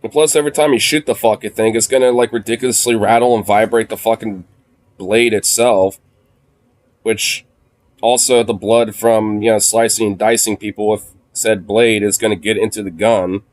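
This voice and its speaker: A man streaming a game who chats casually, swears freely, laughs often and coos softly in baby talk to his dog. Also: fairly low pitch, fairly even intonation, moderate pace, no room sound. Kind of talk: casual gaming stream chat.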